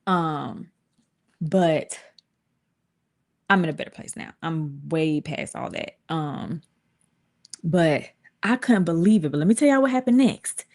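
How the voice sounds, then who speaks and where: A woman in her thirties telling a personal story to her viewers in casual, colloquial talk, with her pitch jumping up when she acts out quotes. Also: slow, long pauses. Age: 30s. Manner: lively, colloquial, swings into high acted voices for quotes.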